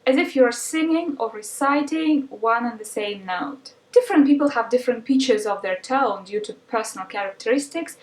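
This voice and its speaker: A woman explaining lessons patiently and clearly as a language teacher. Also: a little high, roomy sound, recorded from a distance, poor audio.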